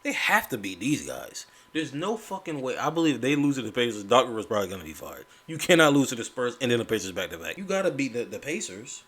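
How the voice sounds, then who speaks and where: A man's voice: mid-range voice, big pitch swings, fast talker, hardly any pauses, a bit bright, husky. A man ranting about basketball in a casual, profane commentary, firing rhetorical questions in exasperation.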